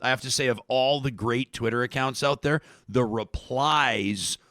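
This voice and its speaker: A man's voice: mid-range voice, unhurried, fairly bright tone, dry recording, studio quality. A Canadian man co-hosting a podcast, chatting casually about the news with a rambling, conversational manner. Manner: conversational, rambling with restarts and fillers. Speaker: podcast co-host.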